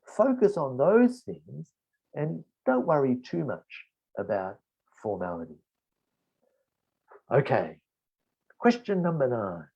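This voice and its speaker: Australian guy teaching an exam webinar, slow and lively, kinda husky, muffled lo-fi sound. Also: mid-range voice. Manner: slow, deliberate explanation with emphatic stresses. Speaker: IELTS expert answering questions. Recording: dull lo-fi webinar audio.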